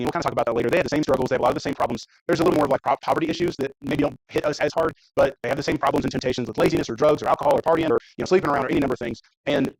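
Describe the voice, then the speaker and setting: A man preaching a casual, conversational sermon in church while showing mission trip photos, talking fast and often restarting his sentences. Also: mid-range voice, creaky, dry recording, poor audio. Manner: fast, conversational, self-interrupting. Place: church sanctuary.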